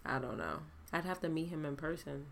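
A woman's voice: sits low, sing-song, a little fast, creaky, a bit bright. A woman co-hosting a casual chat, laid-back and slangy, laughing often.

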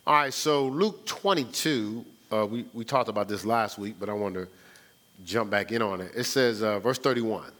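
A man's voice: normal speed, fairly bright tone. A man preaching a sermon as pastor, swinging his voice up and down and asking "right?" often, with frequent repeated words. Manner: preaching with sudden rises and drops in pitch, call-and-response "right?"; repeats words when starting phrases.

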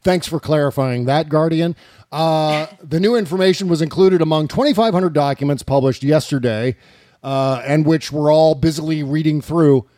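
A man's voice: on the high side, moderate pace, mellow, no echo, clean studio sound. Giggly man hosting a political talk show. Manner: giggly, silly, mocking, reads news aloud with asides. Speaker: podcast host.

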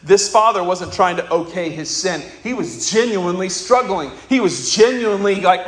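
A man's voice: high voice, normal speed, few pauses, reverberant. A man preaching a sermon with passion, asking the congregation direct questions and crying out when he quotes the anguished father. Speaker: pastor.

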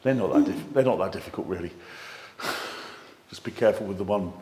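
A man preaching a sermon, lively and conversational with jokey asides, reading scripture aloud with strong emphasis. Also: sits low, moderate pace, a little hiss or hum.

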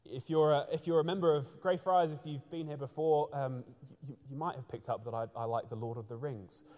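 A man preaching in a large church, heard with a long, ringing reverb around him. His voice sits fairly high for a man, and he talks earnestly, often restarting his phrases as he tells stories. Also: steady tone, fairly quick, darkish tone. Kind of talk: sermon.

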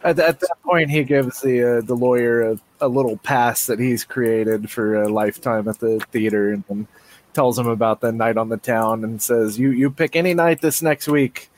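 A man's voice: medium pitch, steady tone, normal speed, a little mellow, rough recording. A man playing a tabletop game, thinking aloud and a little hesitant. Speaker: player. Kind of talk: casual tabletop game play.

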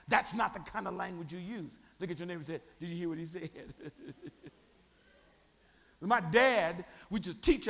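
A man preaching a sermon as pastor, animated, joking and calling on the congregation to respond. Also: high-pitched, creaky, big-room sound. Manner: animated preaching with crowd prompts and humor.

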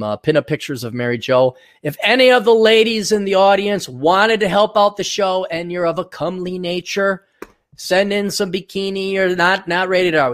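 A man with a slightly higher voice rants through a solo podcast. He swears freely and sneers at people he mocks. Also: a bit bright. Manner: profane, sarcastic, ranting; mock voices for people he ridicules. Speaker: podcast host.

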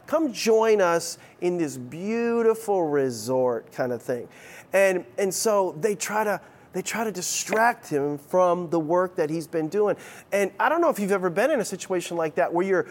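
A middle-aged man preaching a sermon as pastor, conversational and playful, with frequent restarts. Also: high-pitched.

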